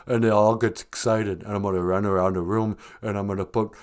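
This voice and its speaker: A man impersonating a laid-back, mumbling tough-guy boxer movie star, with a low, slurred drawl. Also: little pitch movement, a little fast, natural voice. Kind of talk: comedic impression.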